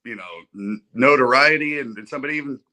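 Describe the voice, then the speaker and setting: A man's voice: mid-range voice, quick pace, sharp tone. A man in his forties, a podcast guest, talking earnestly and humbly in a rambling way. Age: 40s. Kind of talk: casual chat.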